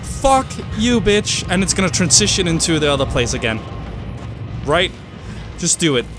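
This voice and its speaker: A man's voice: a little high, expressive, normal speed. A man commentating a horror game, jumpy and joking, screaming and swearing at every scare. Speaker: gamer. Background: game music.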